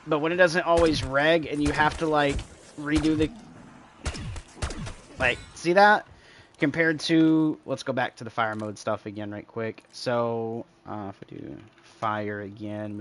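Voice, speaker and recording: A man's voice: fairly high pitch, a bit bright, a little hiss or hum. A man streaming a shooter game, chatting casually to his viewers and imitating game sounds as he explains. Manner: rambling, talks to chat, imitates sounds. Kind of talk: casual gameplay commentary.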